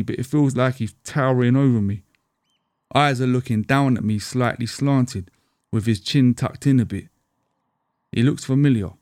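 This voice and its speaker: A middle-aged man, telling a scripted story in a wry, deadpan, conversational way. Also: medium pitch, no echo, studio quality. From England. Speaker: storyteller and podcast host.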